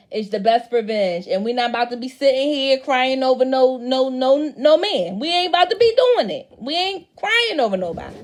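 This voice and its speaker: A woman's voice: fairly high pitch, a little mellow. A woman giving a casual, blunt recap of a reality show, with slangy speech and frequent swearing.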